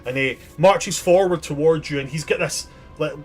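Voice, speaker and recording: A man's voice: on the high side, normal speed, soft background music. A man narrating a tabletop game as game master, descriptive and chatty with frequent restarts.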